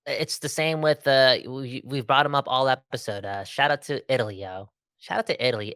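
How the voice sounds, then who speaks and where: A man co-hosting a casual sports podcast, joking and animated, with lots of fillers and restarts. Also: mid-range voice, moderate pace, clear, resonant tone, no room sound, clean studio sound. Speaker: podcast co-host.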